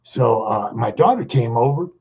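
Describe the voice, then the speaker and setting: A man's voice: medium pitch, animated, normal speed, mellow, husky. A middle-aged man telling a rambling, jokey everyday story in casual slang. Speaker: vlogger. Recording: dull lo-fi recording.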